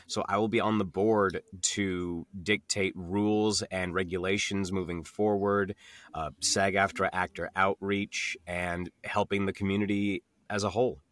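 An easygoing man chats casually as a podcast guest. His low voice has a bright, forward edge, and the sound is close and dry. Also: unhurried, dry recording. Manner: easygoing, relaxed storyteller. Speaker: voice actor guest.

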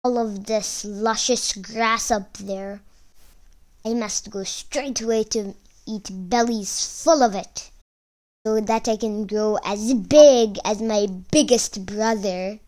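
A woman voicing a small, timid young billy goat in a storybook reading, with a high, timid voice. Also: slow, a little mellow, natural voice. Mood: eager.

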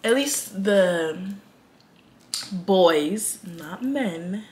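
A woman's voice: on the low side, expressive, extremely slow, darkish tone, a little hiss or hum. A twenty-year-old woman from Atlanta with a Southern accent, chatting dramatically to camera in a vlog, full of slang. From Atlanta, Georgia. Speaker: vlogger. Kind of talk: casual chat to camera.

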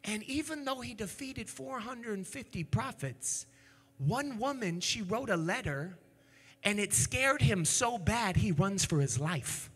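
A man preaching an energetic sermon as a pastor, animated, swinging between shouts and hushed storytelling. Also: high-pitched, unhurried, breathy edge. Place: church sanctuary. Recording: echoey church hall.

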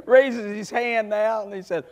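A man preaching a sermon, with fervent shouts and folksy asides to the congregation. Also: high-pitched, steady tone, takes it slowly, very noisy.

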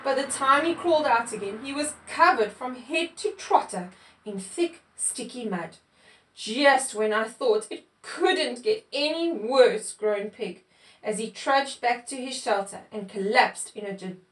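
High, slow-reading woman storyteller. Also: a bit bright. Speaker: children's story reader. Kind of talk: reading a picture book aloud to children. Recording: echoey room, mic far off.

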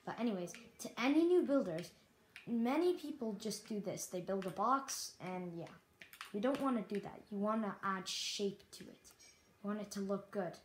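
A young Canadian speaker giving rambling, apologetic let's-play commentary while building in a survival game. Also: female voice, medium pitch, normal speed. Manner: rambling, self-deprecating, apologetic. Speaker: gaming YouTuber. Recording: echoey room with faint noise.

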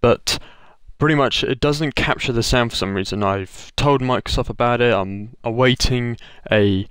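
A man's voice: mid-range voice, moderate pace, fairly bright tone, clean tone, no echo. A man, a gaming YouTuber, chatting casually to his viewers in a loose, rambling way, trailing off and restarting phrases. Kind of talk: casual vlog update to viewers.

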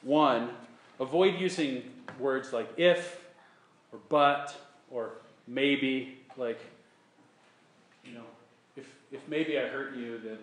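Guy preaching a sermon, kinda high voice, repeats stuff for emphasis, roomy church sound. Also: slow pace, slight background noise. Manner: earnest, repeats key points, acts out sample apologies. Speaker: pastor. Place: church sanctuary.

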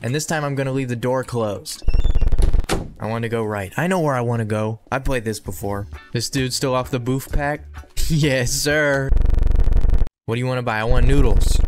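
A man giving excitable horror game playthrough commentary, talking back to the game and repeating himself. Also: medium pitch, moderate pace, music in the background. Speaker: gaming video creator. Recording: noticeable background noise.

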